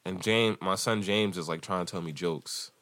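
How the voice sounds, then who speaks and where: A man in his thirties, a podcast host, telling animated stories in casual chat and laughing often. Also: deep voice, moderate pace, no echo.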